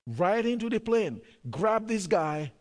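Casting note: higher-voiced male preacher, emphatic and repetitive, long reverb of a big hall. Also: big pitch swings, takes it slowly. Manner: emphatic, repeats key words, hesitant fillers. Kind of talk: sermon storytelling.

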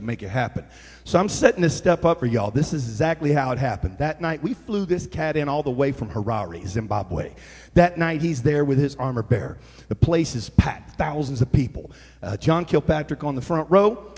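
A man preaching a sermon as storytelling, swinging from hushed tones to shouting. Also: mid-range voice, breathy edge, long reverb tail.

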